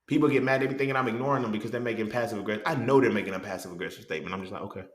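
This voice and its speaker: Low-voiced blunt man in a roomy echo. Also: rapid-fire. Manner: blunt and profane, keeps asking "you feel what I'm saying?". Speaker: host. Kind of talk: casual monologue commentary.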